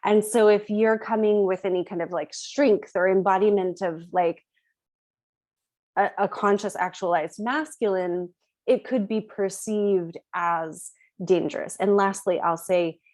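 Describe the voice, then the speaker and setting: A woman on a video call taking part in a roundtable, speaking reflectively and pausing to search for words. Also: mid-range voice, fairly even intonation, darkish tone. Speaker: roundtable participant. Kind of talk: casual group discussion.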